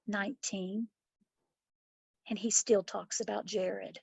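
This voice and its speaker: A woman's voice: medium pitch, steady tone, measured pace, vocal fry, husky, dry recording. A middle-aged woman, a school principal, answering interview questions with heartfelt, reflective stories. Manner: heartfelt, reflective, acts out children's voices in stories. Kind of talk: interview answers, personal storytelling.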